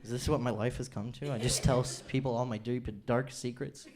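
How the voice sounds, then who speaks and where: A young man from Utah works a comedy club crowd through a handheld mic, chatty and self-deprecating, with quick impressions of his relatives. His voice sits at an average pitch, and faint laughter and clicks come through behind him. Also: steady tone, background noise. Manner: self-deprecating, chatty, mimics family members in quick asides. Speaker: stand-up comedian. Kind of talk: stand-up comedy set. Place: comedy club stage before a laughing audience.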